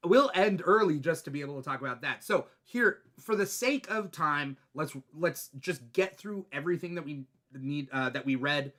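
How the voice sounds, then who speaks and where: Excitable, opinionated man hosting. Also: on the high side, normal speed, few pauses. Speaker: host. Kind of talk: casual podcast chat.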